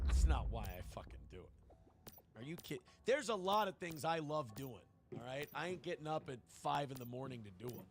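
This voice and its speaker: A man's voice: a little high, big pitch swings, normal speed. A male podcast host ranting bluntly and profanely, complaining about people. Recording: played clip with music behind.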